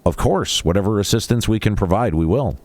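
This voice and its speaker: A man's voice: lowish voice, animated, brisk, a little mellow, natural voice. A man reading aloud the lines of an earnest, diplomatic young male scholar in a video game, reassuring and careful with small stumbles.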